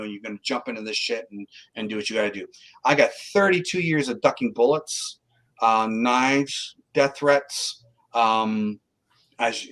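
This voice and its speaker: A rough recording captures a middle-aged Canadian man with a mid-range voice. As a guest psychic in a casual interview, he tells a story in an animated manner, doing the voices of the people he describes.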